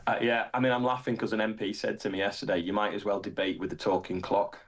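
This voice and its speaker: A British man, a farmer, talking as an interview guest, exasperated and halting with frequent restarts. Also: fairly low pitch, level tone. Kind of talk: casual interview conversation.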